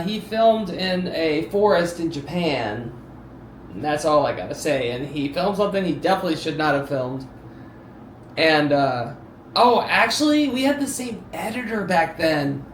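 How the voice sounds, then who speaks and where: Animated high-voiced man in a roomy space. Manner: animated storyteller with sudden loud exclamations. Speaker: streamer reacting to videos. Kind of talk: casual live-stream chat. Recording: roomy sound with faint background noise.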